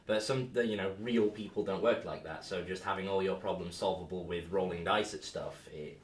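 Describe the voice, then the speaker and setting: Animated young man in an echoey room. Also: low-pitched, slight background noise. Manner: animated, tangent-prone, quick to act out examples. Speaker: podcast co-host and tabletop player. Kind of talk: casual podcast chat. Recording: echoey room, far from the mic.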